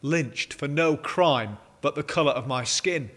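A man's voice: a little high, a little slow, fairly bright tone. A man voicing an angry, wronged young boy as he reads a story aloud in a sermon. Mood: demanding.

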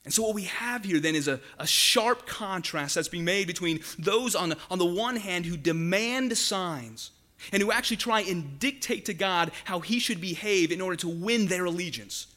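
Bright-voiced male pastor preaching earnestly. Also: high voice, expressive. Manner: earnest, emphatic, slows and drops to a hush for key words. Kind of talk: sermon.

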